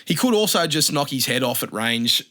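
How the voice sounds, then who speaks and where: A man's voice: medium pitch, animated, moderate pace, bright, forceful tone. A young Australian man hosting a casual fight-prediction show, talking in a blunt, sweary, joking way. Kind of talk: casual solo commentary.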